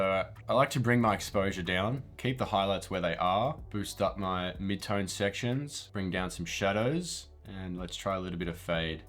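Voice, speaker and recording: A man with a fairly low voice gives casual running commentary while editing photos. He is blunt and profane and mocks what he sees. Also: a bit bright. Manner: blunt, profane, mocking humor; laughs at own jokes. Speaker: photographer roasting viewer photos.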